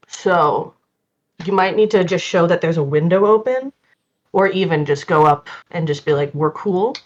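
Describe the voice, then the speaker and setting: A woman's voice: sits low, muffled recording. A woman playing her character in a tabletop game, teasing and coaxing a fellow player in banter. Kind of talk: in-character tabletop role-play.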